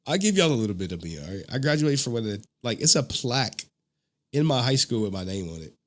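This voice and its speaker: A man in his thirties hosting a casual online commentary, animated and slangy, swearing and laughing often. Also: mid-range voice, moderate pace, long pauses.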